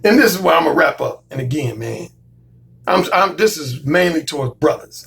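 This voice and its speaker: A man's voice: a little high, animated, moderate pace, creaky, a bit bright. A man who works as a dating coach, telling a story in a casual monologue, emphatic, often repeating his phrases and swearing freely. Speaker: dating coach and YouTube commentator.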